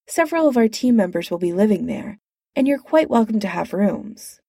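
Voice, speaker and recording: A woman's voice: mid-range voice, sing-song, moderate pace, creaky, dark tone, no echo, studio quality. A woman voicing a brash, bossy man who talks in a breezy, dismissive way. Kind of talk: audiobook character voice.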